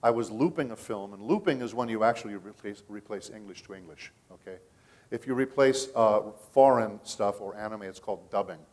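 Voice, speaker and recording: Middle-aged voice actor guy at a con panel, kinda low voice, chatty, keeps saying okay?. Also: brisk, darkish tone. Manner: storytelling, chatty, checks in with the audience with "okay?". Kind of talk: casual panel talk. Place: convention panel room.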